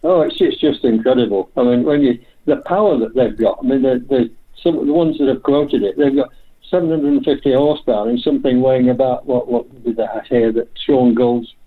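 An older man joins the interview over a tinny, phone-like line. He tells his stories in a chatty, anecdotal way and laughs often. His pitch sits in an ordinary middle range. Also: brisk. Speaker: guest, veteran hill climb driver. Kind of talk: conversational interview.

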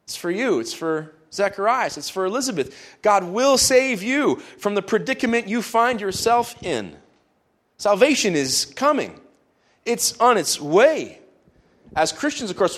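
A man preaching a sermon, retelling a story in a conversational way with playful asides. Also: sits high.

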